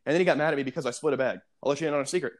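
Animated young man telling a story. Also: fairly high pitch, very fast. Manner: animated storyteller, mimics customers. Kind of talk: casual chat, storytelling.

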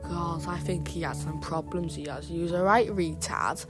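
A woman's voice: lowish voice, fairly even intonation, normal speed, loud music behind the voice, natural voice. A woman voicing a gossiping, crude old grandmother, telling rambling comic stories full of swearing. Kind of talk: comic storytelling monologue.

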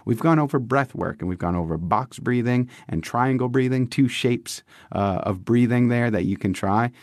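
A man's voice: medium pitch, moderate pace, no echo, studio quality. A young man co-hosting a wellness podcast, talking with enthusiasm and often stopping to restart his sentences. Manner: enthusiastic, frequent restarts and fillers. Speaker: podcast co-host. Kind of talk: casual wellness podcast chat.

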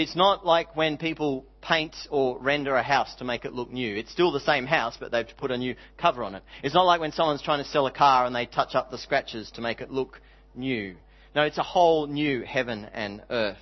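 A male pastor delivering a sermon in an earnest voice of middle pitch. He reads scripture aloud and draws out key words to stress them. The recording sounds slightly dull. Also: moderate pace.

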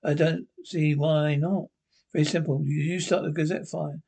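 A man's voice: fairly high pitch, steady tone, normal speed, gravelly, dark tone, husky. A man playing a worried newspaper editor in a TV drama, questioning bluntly and suspiciously. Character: worried male small-town newspaper editor. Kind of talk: TV drama acting.

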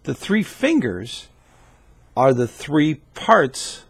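A man's voice: a little high, sing-song, extremely slow, creaky, a bit bright, slightly rough, no room sound. A man who leads in scouting, giving an instructional video talk in a conversational way and often checking in with the viewer. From United States. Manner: conversational, keeps checking in with "okay?". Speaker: scouting leader and channel host.

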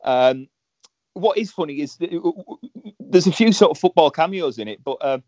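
A man's voice: on the high side, lively intonation, normal speed, darkish tone, no echo. A man chatting casually about a film on a podcast, joking and restarting his sentences often. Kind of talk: casual chat. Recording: dull, slightly lo-fi dry sound.

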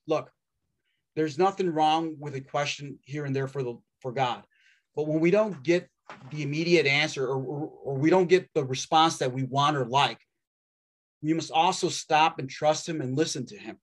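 A man delivers a sermon with a slightly higher-than-usual voice. He preaches in a wry, conversational way, leaning on dramatic pauses and dry asides.

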